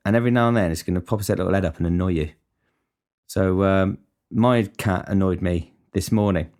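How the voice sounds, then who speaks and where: A man who works as a cook, talking in a casual, ranting monologue full of swearing. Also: low voice.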